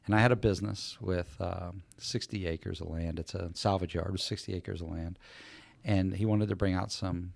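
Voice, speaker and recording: A man co-hosting a casual podcast, telling an animated story in an easygoing chat. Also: sits low, moderate pace, gravelly, no echo. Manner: animated storyteller acting out other people's lines. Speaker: podcast co-host.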